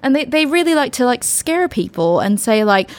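A woman's voice: fairly high pitch, sing-song, moderate pace. A woman from the United States on a panel, joking and sarcastic in tone. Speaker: panel guest. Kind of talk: casual panel discussion.

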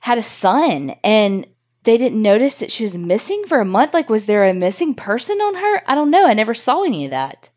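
A woman's voice: a little high, very animated, brisk, a little mellow. A woman co-hosting a podcast in casual, emphatic chat, swearing freely. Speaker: podcast co-host.

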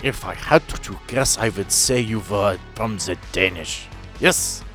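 A man's voice: lowish voice, unhurried, a bit bright, faint music behind. A man voicing an older, thin male doctor with a German accent, courtly and curious, who often ends remarks with a questioning "yes?". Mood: genial.

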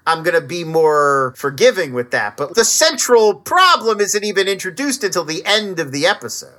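Animated, bright-voiced male podcast co-host. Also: high voice, moderate pace, hardly any pauses. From Pennsylvania. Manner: animated, sarcastic, swears freely. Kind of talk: casual chat.

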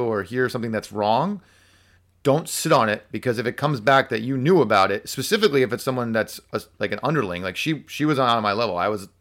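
A man telling a workplace story in casual conversation, animated and full of fillers like "like" and "so". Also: medium pitch. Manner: animated storyteller acting out quotes, many fillers. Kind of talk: casual podcast chat.

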